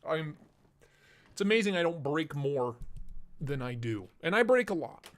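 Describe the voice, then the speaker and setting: A man's voice: fairly high pitch, sing-song, measured pace. Man talking through a voice changer. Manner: casual, chatty, reads out chat and laughs. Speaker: live stream host. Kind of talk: casual live stream chat.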